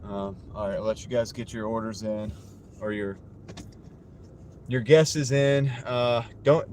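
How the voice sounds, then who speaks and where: A man's voice: medium pitch, normal speed, mellow, a little hiss or hum. A man chatting casually with his live-stream viewers while he drives for a delivery app, wearing a clip-on mic in his car. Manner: chatty, talks to viewers' chat while driving. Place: inside a car on the road. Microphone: wireless clip-on mic.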